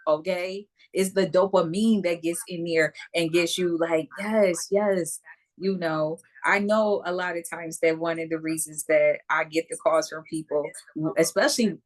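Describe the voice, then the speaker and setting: A woman spiritual coach co-hosting a motivational live chat, speaking emphatically and repeating key phrases. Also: sits low.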